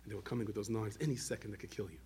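Fast, husky-voiced man telling a sermon story. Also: on the low side. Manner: animated storytelling with Yiddish and Hebrew words.

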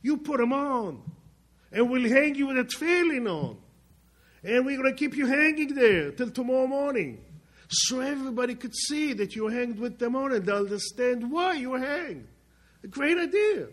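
A man voicing a cruel, mocking male camp guard who jeers loudly at his prisoner. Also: on the high side, huge pitch swings, measured pace, few pauses, husky, exaggerated voice. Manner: jeering, shouted.

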